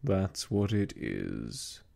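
A man voicing a gloomy old male donkey, talking slowly and mournfully in a whispered role-play. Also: low voice, big pitch swings, gravelly, mellow, voice pushed down, heavily acted. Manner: slow, mournful, self-pitying sighs.

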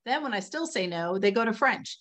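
A woman with a slightly high voice talks briskly in a relaxed webinar on a video call, explaining reading instruction. Her delivery is chatty and lively, full of "like" and "you know."

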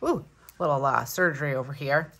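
Low-voiced excitable woman vlogger. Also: brisk, noisy background. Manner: excitable, gushing, thinks aloud. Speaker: planner vlogger. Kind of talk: casual unboxing chat. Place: home room.

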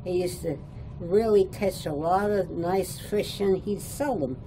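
A woman's voice: fairly low pitch, measured pace, mellow, a little hiss or hum, poor audio. An older woman, born in Italy and raised in New York State, tells childhood stories in an oral history interview and chuckles as she remembers. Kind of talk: reminiscing storytelling. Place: adult care home.

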